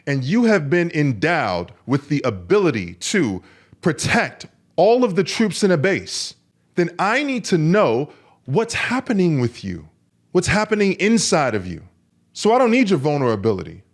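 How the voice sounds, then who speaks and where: Give me a gravelly man giving an emphatic podcast coaching monologue. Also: fairly high pitch, huge pitch swings, normal speed. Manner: emphatic, repetitive, preaching. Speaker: men's coach and podcast host.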